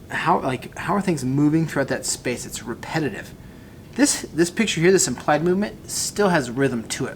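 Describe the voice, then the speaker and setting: A man's voice: mid-range voice, a little hiss or hum. A man teaching a photography class, talking casually through example photos and addressing his students directly. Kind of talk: recorded class lecture.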